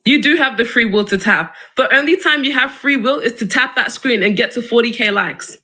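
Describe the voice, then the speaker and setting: High, bright-voiced man arguing. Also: rough recording. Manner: combative, interrupting, fast rebuttals. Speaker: livestream host. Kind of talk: argumentative live-stream debate.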